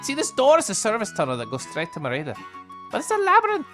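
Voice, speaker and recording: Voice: mid-range voice, wildly swooping pitch, quick pace, a bit bright, voice pushed up. A streamer voicing a male squirrel bard with a put-on Scottish accent, folksy and teasing, reading game dialogue aloud over faint music. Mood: hearty. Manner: folksy, teasing, calls people lad.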